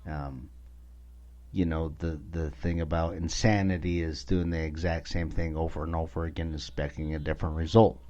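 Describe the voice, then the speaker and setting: A man with a very low, dark voice talks through a casual podcast monologue. He is blunt and swears freely, sounding exasperated. The recording is dull and lo-fi. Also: level tone, normal speed. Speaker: podcast host.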